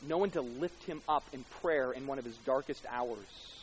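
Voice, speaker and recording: A man preaching a sermon, swinging from loud emphatic bursts to hushed tender passages, with casual conversational asides. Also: medium pitch, moderate pace, a little hiss or hum, poor audio. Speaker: pastor. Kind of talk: expository sermon.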